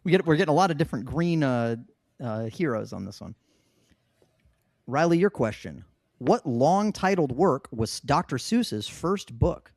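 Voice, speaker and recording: A man hosts a trivia podcast in a loose, joking way and laughs often between questions. His voice sits a little high and swings through a lively pitch range. The sound is close and dry, with no room around it. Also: moderate pace, no echo. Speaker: trivia quiz host. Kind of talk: casual podcast quiz hosting.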